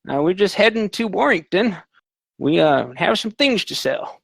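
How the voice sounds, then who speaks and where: A man's voice: sits high, lively intonation, normal speed, gravelly, a bit bright, husky, no echo, pitched above the performer's own voice, full character voice. A man voicing a friendly, hard-of-hearing old man who drives a wagon. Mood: cheerful.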